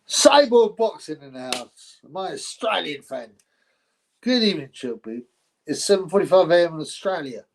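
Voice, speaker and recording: Guy rambling on a live stream, laughs a lot, voice a bit on the high side. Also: very animated, normal speed, gravelly, slight background noise, rough recording. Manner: rambling and chatty, laughs often, thanks viewers. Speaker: host of a live boxing stream. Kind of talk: casual live-stream chat.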